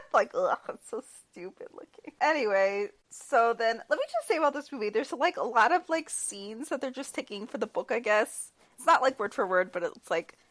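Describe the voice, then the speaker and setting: A woman on a podcast recapping a movie in casual chat, sarcastic and prone to laughing. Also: mid-range voice. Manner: sarcastic, lively, laughs often. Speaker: podcast co-host.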